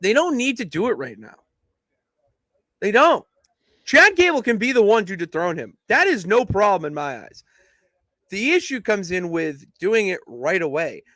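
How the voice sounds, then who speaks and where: Young male podcast co-host, slightly higher voice, emphatic, dry close sound. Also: normal speed, no echo. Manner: emphatic, animated booking pitches. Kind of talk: casual wrestling analysis chat.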